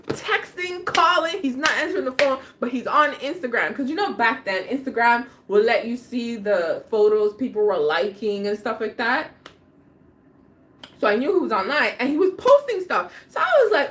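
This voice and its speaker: A woman's voice: sits high, lively intonation, normal speed, a bit bright. A woman hosting a livestream, telling a personal story in casual slang and laughing often. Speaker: livestream host.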